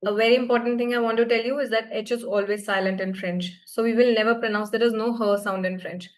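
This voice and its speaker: A woman's voice: a little high, steady tone, quick pace. A woman from India teaching a live beginner French class, patiently repeating words for students to echo.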